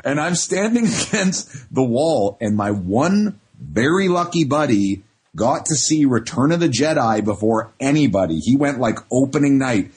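Casting note: male podcast co-host, husky voice, very animated pitch, excitable swearing storyteller. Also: measured pace. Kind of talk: casual chat.

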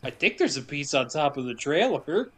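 Man with a higher voice recapping a film, joking. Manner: joking, animated storytelling with quick asides. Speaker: podcast co-host recapping a movie. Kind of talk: casual movie recap chat.

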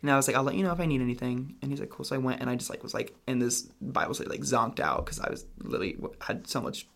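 A man's voice: mid-range voice, very fast, gravelly, a bit bright. A young man telling a personal story in a casual, rambling way, full of "like" and "um" fillers. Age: young adult. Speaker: guest telling his story.

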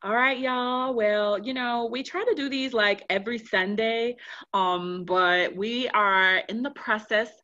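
A woman co-hosting a casual podcast chat, loud and animated, dramatic and swearing freely. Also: a little high, unhurried, lo-fi sound. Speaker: podcast co-host.

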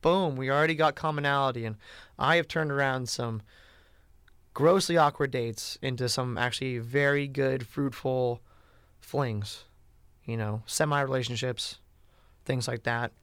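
Smooth-voiced blunt rambling man. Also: mid-range voice, measured pace, pauses often, fairly bright tone, dry recording. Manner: blunt, rambling, heavy on "you know" and "like". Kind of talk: casual chat.

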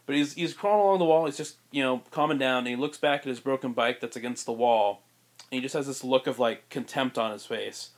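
A man co-hosting a podcast, pitching a story in rambling casual chat with many fillers and frequent laughs. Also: fairly quick. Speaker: podcast co-host.

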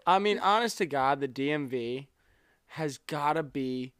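Emphatic co-host with a dry, close sound. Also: male voice, a little high, expressive, unhurried, fairly bright tone, smooth, dry recording. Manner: emphatic, profane, dramatic reactions. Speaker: podcast co-host. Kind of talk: casual podcast chat.

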